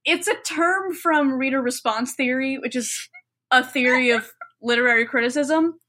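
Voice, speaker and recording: A young woman co-hosting a podcast, quick-witted and analytical, laughing often in casual chat. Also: sits high, pushed and bright. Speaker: podcast co-host.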